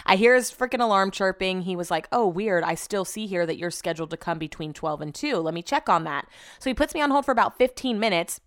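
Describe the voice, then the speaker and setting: A woman's voice: mid-range voice, animated, fast talker. A woman telling a rambling story in a casual, profane rant, jumping between asides. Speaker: vlogger.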